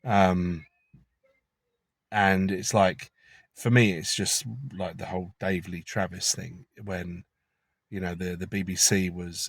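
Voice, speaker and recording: Low-voiced man ranting chattily. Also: little pitch movement, slow pace, pauses often, no room sound. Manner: chatty, conspiratorial, swears casually. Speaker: vlogger. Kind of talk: rambling opinion monologue.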